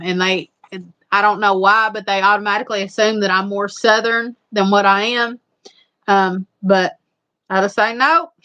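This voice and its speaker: A woman's voice: mid-range voice, fairly bright tone, highs cut off. A woman with a strong Eastern Kentucky Appalachian accent, chatting casually and at length to viewers as a livestream host. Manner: rambling, repetitive, chatty. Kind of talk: casual live chat.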